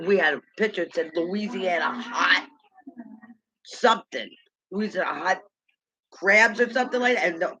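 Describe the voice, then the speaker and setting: Bright-voiced woman rambling through old memories. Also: fairly low pitch, lo-fi sound. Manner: halting, loose storyteller who repeats words and laughs at her own memories. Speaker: vlogger. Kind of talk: rambling personal storytelling.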